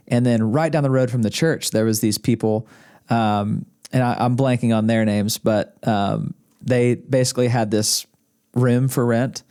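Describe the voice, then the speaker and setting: Mellow and medium in pitch, the man's voice belongs to a podcast guest who is also the host's husband. Hailing from Arkansas, USA, he tells rambling stories in relaxed conversation, chuckling often and restarting sentences. The recording happens indoors in a podcast studio room.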